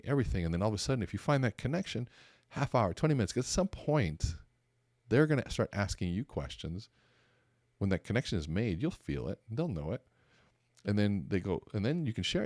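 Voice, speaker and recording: A podcast host and speaker coach gives a motivational talk about conversation, his voice fairly low and his pace moderate. He tells his stories animatedly, acting out the dialogue in a raised voice. The sound is clean studio quality with no echo.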